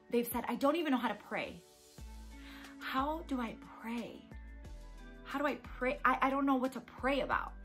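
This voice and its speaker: A woman giving a casual devotional message at home, speaking earnestly and conversationally and repeating key phrases for emphasis. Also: fairly high pitch. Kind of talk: casual devotional encouragement talk.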